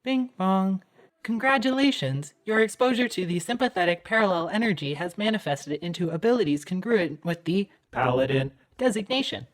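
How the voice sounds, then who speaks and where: A man voicing a cheerful automated facility announcer in a brisk, chirpy tone for a tabletop game. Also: high voice, lively intonation, voice pushed up. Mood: chipper.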